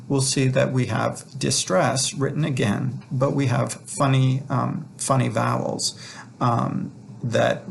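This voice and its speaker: Guy teaching a recorded lecture, super gravelly creaky voice, lots of ums, little hiss. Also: medium pitch. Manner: relaxed, many fillers and restarts. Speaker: instructor. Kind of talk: recorded lecture walking through slides.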